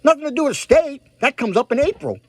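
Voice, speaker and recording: A political vlogger rants heatedly in direct-to-camera commentary, repeating himself for emphasis and urging his viewers to act. His male voice is very high-pitched, sing-song and fast. There's no room sound at all.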